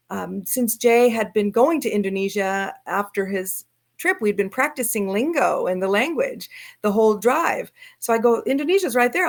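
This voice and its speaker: A middle-aged woman from Southern California, a guest telling her travel stories in lively fashion over a video call. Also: medium pitch, creaky. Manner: lively storyteller acting out quoted voices. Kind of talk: storytelling in an interview.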